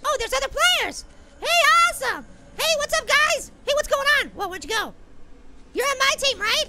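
This is a tiny cartoon apple with a very high, squeaky voice. The voice has a gravelly edge, and the tone is bright and sharp. It narrates a game with excitable yelling and silly name-calling. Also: normal speed, heavily acted. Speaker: gaming video host. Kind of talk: cartoon character game commentary.

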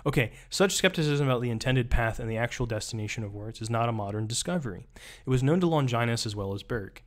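Wry professor reading aloud and riffing. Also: male voice, mid-range voice, animated, quick pace. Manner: wry, chatty asides between read passages. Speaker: rhetoric professor. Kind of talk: live-streamed close reading, reading aloud and commenting.

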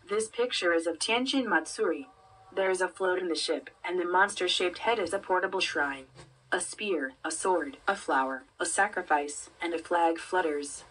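A woman voicing a high school girl explaining her painting in an orderly way, recorded from a distance. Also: normal speed, fairly bright tone, husky.

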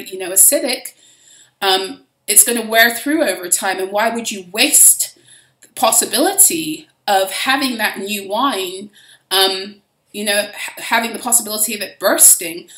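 A woman's voice: medium pitch, pushed and bright. A woman giving a casual spiritual reading, talking in a rambling, profane way with frequent restarts. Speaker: spiritual reader. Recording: roomy echo.

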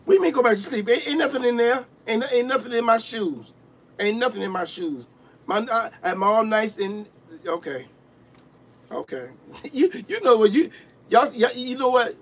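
A man playing a loud uncle in a comedy skit, talking over others, repeating and stammering. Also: very high voice, lively intonation, normal speed, husky.

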